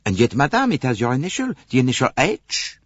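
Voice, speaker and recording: A man voicing a shrewd, fussy Belgian detective with a French accent, insistent and precise, with deliberate pauses. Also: mid-range voice, huge pitch swings, breathy edge, no room sound, muffled recording, voice pushed up. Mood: pressing. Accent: French-accented English.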